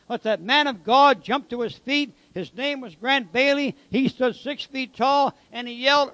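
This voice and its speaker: A man's voice: extremely high pitch, measured pace, hardly any pauses, a bit bright, dry recording. A man giving a preaching testimony as a former convict, telling his story in an emphatic, dramatic way.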